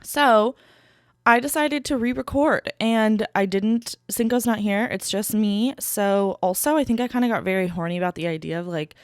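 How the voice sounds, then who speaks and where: A woman's voice: mid-range voice, normal speed, clean tone, dry recording. A young woman hosting a solo podcast, chatting in a rambling casual way with lots of fillers, recorded in a small studio. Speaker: podcast host. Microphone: studio mic.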